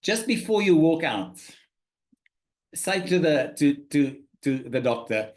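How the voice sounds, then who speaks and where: A man with a fairly high voice lectures a workshop audience. He speaks earnestly and stresses his key points, but often stops short, repeats a word and starts again. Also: sing-song. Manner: halting, many restarts and repeated words. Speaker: workshop presenter. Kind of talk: spoken lecture to participants.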